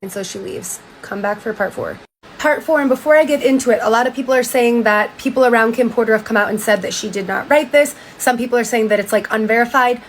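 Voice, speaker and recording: A woman's voice: on the high side, quick pace, a little hiss or hum, low-quality recording. A woman casually retelling a book and commenting on it in a chatty, slangy style, with frequent "like"s and swearing. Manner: slangy, profane, chatty with many "like"s. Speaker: commentary vlogger.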